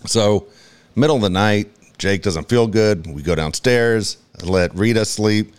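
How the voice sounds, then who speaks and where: A man's voice: on the low side, unhurried, smooth. A middle-aged man, a radio host, telling a rambling, self-mocking story in casual chat, swearing freely.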